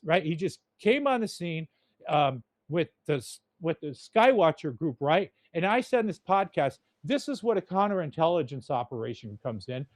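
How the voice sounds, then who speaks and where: A man's voice: high voice, dry recording. Blunt, profane man ranting. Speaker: podcast host. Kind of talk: casual rant.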